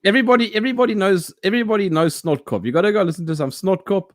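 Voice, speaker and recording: A man chatting casually, telling animated stories with many restarts and laughs. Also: sits high, rapid-fire. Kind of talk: casual chat.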